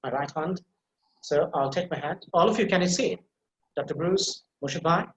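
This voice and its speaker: A man's voice: fairly high pitch, normal speed, a bit bright, roomy sound. Patient male teacher on a muffled call. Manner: patient, repeats words and restarts phrases while explaining. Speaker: English pronunciation teacher. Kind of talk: live online class. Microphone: video call. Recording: slightly muffled video-call audio.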